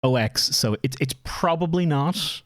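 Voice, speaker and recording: In a clean, dry studio recording, a young man from Ireland speaks with a fairly high, animated voice at a measured pace. He's casually going through community submissions on a stream, rambling along, laughing often and joking at his own expense.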